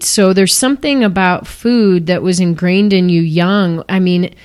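A woman hosting an interview who affirms her guest and asks open questions. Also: medium pitch. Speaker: interview host. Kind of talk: conversational interview.

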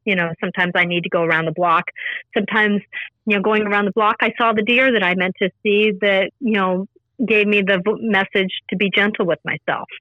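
A woman's voice: medium pitch, fairly even intonation, fairly quick, no room sound, highs cut off. A woman talking earnestly in a casual interview, explaining her spiritual practice in a repetitive, teaching way. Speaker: spiritual intuitive guest.

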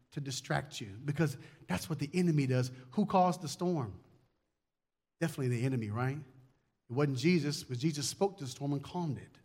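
A male pastor preaching a conversational sermon, repeating key words and acting out little asides. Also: a little high.

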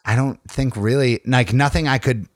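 A man's voice: mid-range voice, fairly even intonation, normal speed, no echo. Joking man in casual podcast banter. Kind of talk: casual chat.

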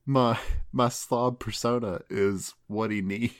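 A man's voice: lowish voice, fairly even intonation. A man co-hosting a casual chat, laughing through nearly every sentence as he retells an anime episode and acts out the characters' lines. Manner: acts out characters' lines in quick quoted voices. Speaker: podcast co-host.

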